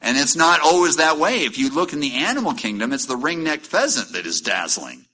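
A man's voice: fairly high pitch, sing-song, a little fast, bright, forceful tone. A middle-aged man preaching a sermon in a conversational way, asking rhetorical questions and acting out quoted lines. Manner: acts out quoted lines in shifting voices. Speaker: pastor.

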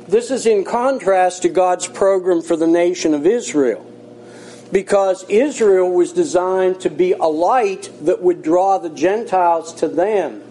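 A male pastor delivers a sermon in a fairly high, mellow voice. He is earnest and folksy, with plain asides. He slows down to drive key points home. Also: slight background noise, rough recording.

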